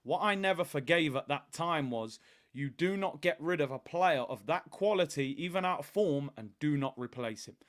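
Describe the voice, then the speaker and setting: Animated London man, slightly high voice. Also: normal speed, dry recording, clean studio sound. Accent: London English. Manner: animated, chatty, reads viewer comments aloud. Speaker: host. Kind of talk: casual live watch-along chat.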